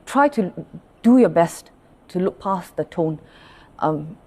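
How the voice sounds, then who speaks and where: A woman's voice: lowish voice, animated, takes it slowly, darkish tone. Woman pastor giving a casual livestream talk. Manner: conversational, often checks in with "all right?"; greets online viewers by name mid-talk.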